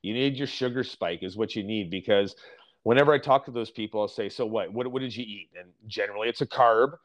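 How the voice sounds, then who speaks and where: A man talking as a podcast guest about fasting and diet, blunt and emphatic, often mimicking people's complaints. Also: lowish voice. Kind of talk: casual podcast chat.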